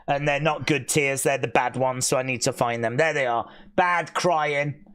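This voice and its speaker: A man's voice: medium pitch, steady tone, normal speed, a bit bright, smooth. A man hosting a live wrestling watch-along, reacting with theatrical mock despair and sarcasm, wailing and groaning. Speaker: wrestling live-stream host.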